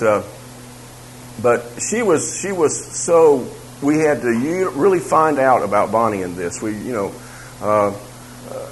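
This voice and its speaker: Man, Bible class teacher, mid-pitched voice, conversational, repeats phrases, faint hum behind. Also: rough recording.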